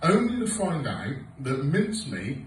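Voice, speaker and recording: A man in his forties tells sweary, sarcastic stories at a club. His pitch jumps all over the place while he talks. He sounds distant, caught in a roomy space with noise underneath. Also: wildly swooping pitch, measured pace. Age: 40s. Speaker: stand-up comedian. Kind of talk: stand-up comedy set. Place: comedy club stage with audience laughter. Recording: roomy live club recording from afar.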